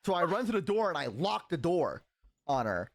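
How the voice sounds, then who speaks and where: Streamer guy rambling through a story, kinda high voice, dry close sound. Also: moderate pace, vocal fry, no room sound. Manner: rambling, animated with many fillers. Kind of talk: casual storytelling.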